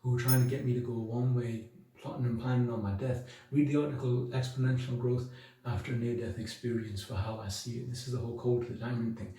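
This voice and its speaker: A video blogger delivers a monologue to camera, addressing his viewers directly in an emphatic, preachy manner and rattling off rhetorical questions. His medium-pitched voice is steady, fast and dark in tone, picked up by a distant mic in a very echoey room.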